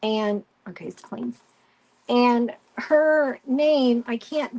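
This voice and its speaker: A woman's voice: a little high, slow. A woman hosting a crafting live stream, chatting casually and telling stories while she works. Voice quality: chatty storyteller, animated retelling with quoted voices.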